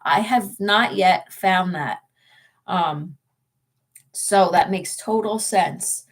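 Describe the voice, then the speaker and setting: A woman's voice: fairly low pitch, extremely slow. Chatty woman telling a story. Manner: chatty, laughing often, many fillers. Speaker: ghost-hunting channel co-host. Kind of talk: casual vlog storytelling.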